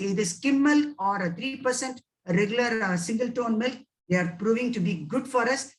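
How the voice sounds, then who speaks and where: A woman's voice: a little high, far from the mic, low-quality recording. A woman with an Indian English accent answering webinar questions as a nutrition scientist, emphatic and advising, repeating words for stress.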